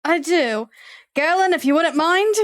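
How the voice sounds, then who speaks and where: A woman's voice: very high-pitched, lively intonation, unhurried, voice pushed up. A woman voicing a smug male villain hunter, mock-polite and at ease during a tabletop game.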